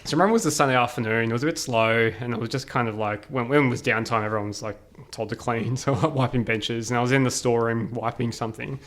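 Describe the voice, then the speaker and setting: He talks fast, with a medium-pitched, fairly bright voice and fairly even intonation. As a guest on a podcast, he shares stories casually and with energy, often laughing and dropping in many fillers during the relaxed interview.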